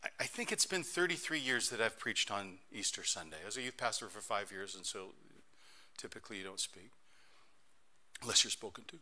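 A middle-aged man preaching a sermon as pastor, telling stories in an animated way that swings between soft and loud. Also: on the low side, fairly quick, slight background noise.

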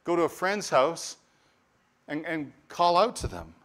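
Pastor guy preaching, earnest, trips over words a lot, gets lively telling stories. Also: a little high, unhurried. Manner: earnest preaching with repetitions and restarts, animated storytelling asides. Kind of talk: sermon.

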